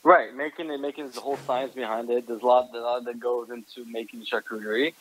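A man in his thirties with an American accent, a chef answering interview questions in a halting way, restarting and repeating words. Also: mid-range voice, fairly even intonation, fairly bright tone, slightly rough, poor audio. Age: 30s. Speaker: guest chef.

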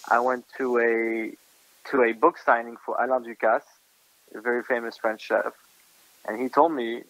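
A man in his thirties with an American accent, a chef answering interview questions in a halting way, restarting and repeating words. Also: mid-range voice, level tone, a bit bright, dry recording, low-quality recording. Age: 30s. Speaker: guest chef.

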